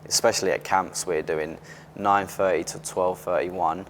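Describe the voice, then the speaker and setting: A man's voice: deep voice, moderate pace, slight background noise. A man in his twenties, an athlete guest in a casual interview, talking openly with frequent restarts. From Britain. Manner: open and animated, restarts often.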